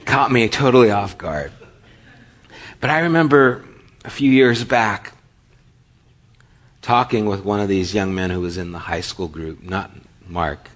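A man's voice: on the low side, a little slow, long pauses. A middle-aged male pastor preaching a sermon, telling stories animatedly and acting out the dialogue. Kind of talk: sermon with storytelling.

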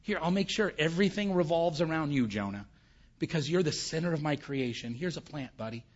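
A man voicing God as a sarcastic, placating figure soothing a sulking man, in a soft, lowered voice on a dull recording. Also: lively intonation, fairly quick. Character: mock-soothing God, male, coddling a sulker.

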